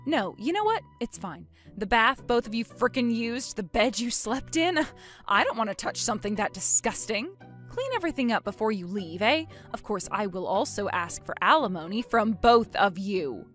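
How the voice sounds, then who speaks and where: A woman's voice: on the high side, animated, normal speed, fairly bright tone, faint music behind. A woman putting on a smug giggling mistress. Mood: mocking, smug. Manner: mocking, giggling, haughty.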